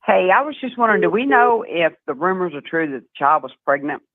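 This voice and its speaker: Quick-talking woman from Tennessee on a phone line. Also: fairly low pitch, big pitch swings, no echo. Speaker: caller.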